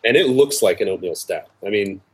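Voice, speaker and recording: Husky, low-voiced man on a video call. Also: lively intonation, brisk. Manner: hesitant, many fillers and restarts, explanatory. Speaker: co-host of a drinks tasting show. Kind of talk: casual chat.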